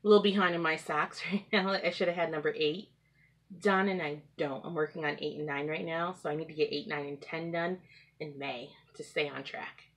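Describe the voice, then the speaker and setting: A woman hosting a home craft podcast, talking casually and rambling, often laughing and clearing her throat. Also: sits low, steady tone, fairly quick, a bit bright. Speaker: knitting podcast host. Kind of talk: casual craft chat to camera. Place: at home with pets.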